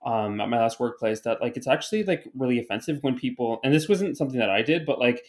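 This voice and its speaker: A man's voice: medium pitch, animated, quick pace, darkish tone. A man co-hosting a podcast in casual chat, rambling and self-deprecating, with many restarts and fillers, talking through earbuds on a call. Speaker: podcast co-host.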